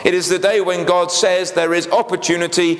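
A man's voice: sits high, level tone, brisk. A man preaching a sermon, earnest and emphatic, often breaking off into small asides and starting over. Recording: echoey hall with long reverb.

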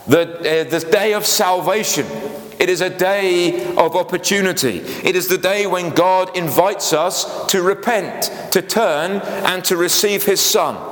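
A man's voice: high-pitched, fairly bright tone. A man preaching a sermon, earnest and emphatic, often breaking off into small asides and starting over. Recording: echoey hall with long reverb.

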